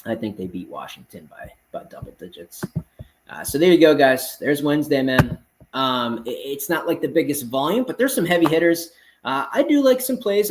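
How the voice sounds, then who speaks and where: This sports betting picks host has a fairly high male voice, captured in a low-quality recording with slight background noise. Brash and blunt, he rattles off confident picks game after game in a casual rapid-fire style, frequently calling his audience "man."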